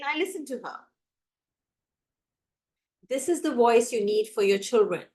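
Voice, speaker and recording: A woman giving an emphatic teacher training talk on classroom management, acting out examples as she goes. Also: high voice. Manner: energetic, emphatic, acts out examples. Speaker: early childhood educator.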